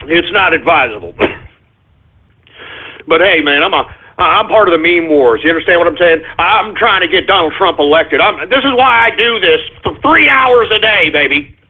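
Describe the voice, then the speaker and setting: A man hosting a talk radio show, ranting loudly and profanely with indignant repetition. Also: a little high, lively intonation, moderate pace, breathy edge. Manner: loud, profane, indignant ranting with repeated catchphrases. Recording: phone-like lo-fi radio audio.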